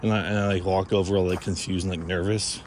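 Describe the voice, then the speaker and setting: A young man with a lowish voice rambles through a casual vlog, self-conscious and full of restarts. Traffic and street sounds run clearly underneath. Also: flat delivery, quick pace, a little mellow. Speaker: vlogger. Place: outdoors by a street. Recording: outdoor street noise behind.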